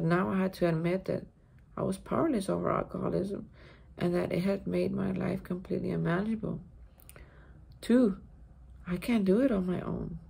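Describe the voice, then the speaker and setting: Woman vlogger, casual daily reflection, gravelly and husky, emphatic with repeated words, hotel room. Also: fairly low pitch, darkish tone. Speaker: recovery vlogger.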